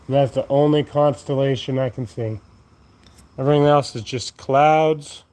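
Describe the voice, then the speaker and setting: A man's voice: medium pitch, steady tone, moderate pace, darkish tone. A man rambling drowsily outdoors at night into his phone, profane and meandering, yawning as he gets sleepy. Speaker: vlogger. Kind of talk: rambling late-night monologue. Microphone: phone camera.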